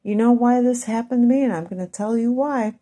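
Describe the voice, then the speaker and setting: A woman with a Midwestern accent talking in a rambling vlog monologue, speaking slowly and deliberately with wandering asides. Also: fairly high pitch, warm tone. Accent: Midwestern American. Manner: wandering, self-interrupting asides. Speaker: vlogger.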